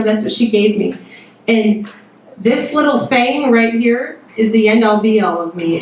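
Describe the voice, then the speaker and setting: A woman telling a frank, profane comic story about motherhood at a live storytelling show, laughing often. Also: on the high side. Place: live storytelling stage before an audience. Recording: very echoey venue, distant mic, noisy.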